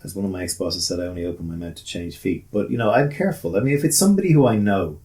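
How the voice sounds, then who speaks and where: A man's voice: low-pitched, lively intonation, very fast, a little mellow. An older Irish man talking in a casual chat as a guest, rambling with restarts and repeated words. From Ireland.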